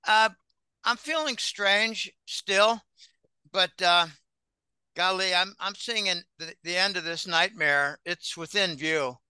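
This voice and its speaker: High, bright-voiced man giving slow warnings. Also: clear, resonant tone, no echo. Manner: deliberate, ominous warnings with some restarts. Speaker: guest financial commentator. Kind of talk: interview answers.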